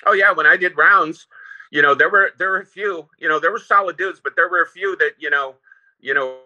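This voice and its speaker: A man with a sharp, bright voice pitched a little high recalls his years as a prison lieutenant. He wanders through his stories with fillers and restarts, and the audio sounds dull and lo-fi. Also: fairly quick. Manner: relaxed, rambling with restarts and fillers. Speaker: former prison lieutenant, guest. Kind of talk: casual interview storytelling.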